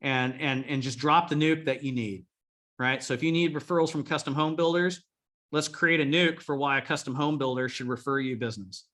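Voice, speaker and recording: A man's voice: mid-range voice, a little fast, pushed and bright. A man coaching a group of remodelers in a blunt, profane style, rallying his listeners. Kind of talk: coaching talk to a live group.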